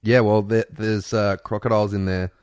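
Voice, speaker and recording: A man's voice: on the low side, level tone, moderate pace, darkish tone, smooth, no room sound, studio quality. A man co-hosting a podcast, reading a story aloud with joking asides and frequent laughter. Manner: jokey, laughs often, reads with asides. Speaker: podcast co-host.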